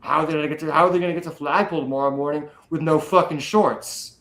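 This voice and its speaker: A man's voice: a little high, fairly even intonation, fast talker, a bit bright, rough recording. A young man talking casually, swearing freely and rambling with energy. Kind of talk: casual chat.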